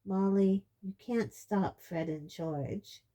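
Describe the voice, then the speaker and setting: A woman reading an audiobook, voicing a weary, gentle middle-aged father who speaks in a tired way. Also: mid-range voice, natural voice. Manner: tired, slow.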